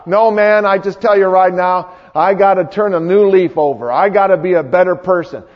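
A stubborn dying man insists he will reform himself, speaking in a high, pressing voice, as a preacher plays him. The lo-fi recording echoes through a long hall. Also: normal speed, lightly acted. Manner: insistent, pleading. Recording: echoey hall, dull lo-fi sound.

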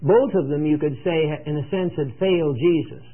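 A man leading a Bible study, retelling scripture in a conversational way with many pauses and fillers, heard through a radio broadcast. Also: fairly high pitch. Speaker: Bible teacher. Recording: tinny radio broadcast sound.

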